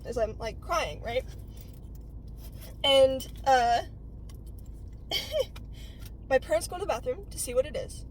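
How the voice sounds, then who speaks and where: A woman's voice: sits high, moderate pace, pauses often, darkish tone, a little hiss or hum, poor audio. A young woman vlogger telling a childhood story in a casual, chatty way, full of fillers and "right?" check-ins.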